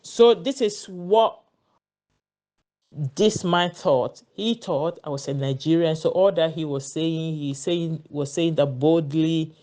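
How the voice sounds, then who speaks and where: A woman's voice: deep voice, warm tone. A woman telling a personal story in a casual monologue, earnest, often repeating words as she searches for them. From Ghana. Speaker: vlogger sharing a personal story.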